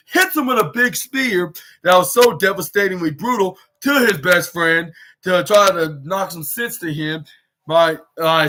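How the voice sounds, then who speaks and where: A young man hosting a podcast, recapping wrestling in a casual, halting way with many fillers and restarts. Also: high-pitched, sharp tone. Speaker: podcast host.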